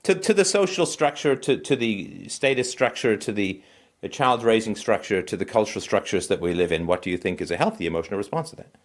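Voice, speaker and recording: Animated male call-in host. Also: lowish voice, fast. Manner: animated, conversational. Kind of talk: call-in talk.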